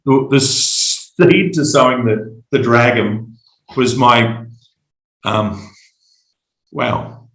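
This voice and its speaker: A middle-aged Australian man telling his personal story as a podcast guest, halting and reflective, often repeating words. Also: medium pitch, a bit bright, roomy sound, rough recording.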